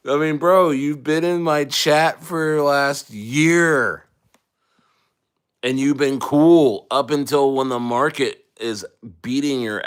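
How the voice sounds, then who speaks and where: A man talking casually on his crypto livestream, rambling and joking with frequent profanity and laughter. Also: mid-range voice.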